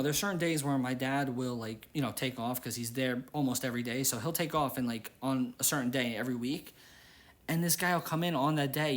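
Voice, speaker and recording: Young male gaming host, casual rambling commentary, easily irritated, repeats himself. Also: mid-range voice. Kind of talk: casual gameplay commentary with venting.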